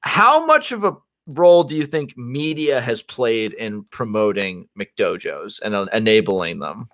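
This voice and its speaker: A man in a casual podcast chat who starts slowly and works his way thoughtfully into a question. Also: lowish voice, lively intonation, a bit bright. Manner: hesitant, thoughtful, asks questions.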